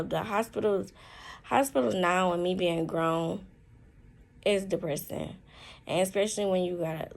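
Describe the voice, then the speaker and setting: A young woman talking candidly in a personal vlog from a hospital room, in slow, halting, heartfelt speech with many fillers. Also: fairly low pitch, gravelly, low-quality recording. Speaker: vlogger.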